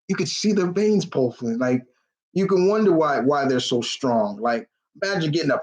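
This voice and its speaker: A man's voice: fairly high pitch, moderate pace, poor audio. A man hosting a live question-and-answer stream, chatting enthusiastically in a rambling way, full of fillers and restarts. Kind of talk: casual rambling chat.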